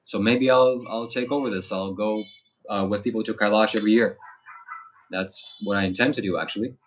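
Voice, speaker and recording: A man who hosts spiritual retreats, speaking calmly and earnestly with hesitant fillers. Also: lowish voice, fairly quick. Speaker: spiritual streamer and retreat host. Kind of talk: casual chat.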